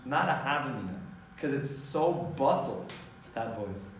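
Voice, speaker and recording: A man teaching a Torah class, explaining in a lively way and mixing in Hebrew terms. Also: mid-range voice, unhurried, a little hiss or hum. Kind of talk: informal class lecture. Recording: echoey room, distant mic, faint ambience.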